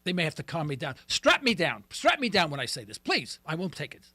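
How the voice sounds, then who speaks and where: A man's voice: on the high side, huge pitch swings, a little fast, sharp tone, dry recording. A man hosting a call-in talk radio show, ranting and joking with sound effects.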